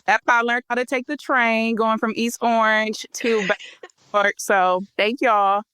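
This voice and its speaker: A woman from Cleveland co-hosts a casual podcast, easygoing and thankful. Her voice is bright and smooth, and it sounds dry and close. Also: on the high side, steady tone, a little slow, dry recording. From Cleveland, Midwest. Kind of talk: casual chat.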